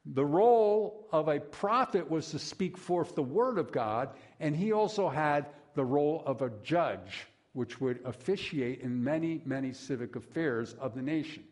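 A man's voice: on the high side, animated, unhurried, few pauses, a little mellow. A middle-aged man preaching a sermon as a pastor, folksy and conversational, with asides to the congregation.

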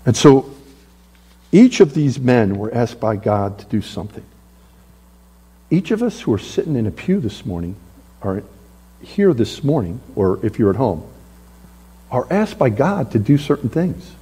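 Male pastor mid-sermon in a church, husky and mellow, animated, acts out biblical figures. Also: medium pitch, unhurried, long pauses. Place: church sanctuary.

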